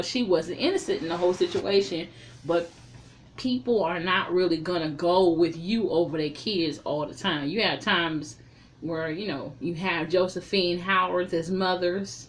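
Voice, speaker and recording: A woman casually recapping and reviewing a film, blunt and profane, telling the story with lively opinions. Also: lowish voice, slight background noise.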